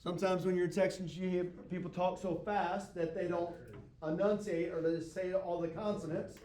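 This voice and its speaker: A man's voice: high voice, flat delivery, a little fast, warm tone, reverberant. A man teaching a math class, lecturing in a folksy, self-deprecating way and often checking in with his students. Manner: frequent check-ins with the class.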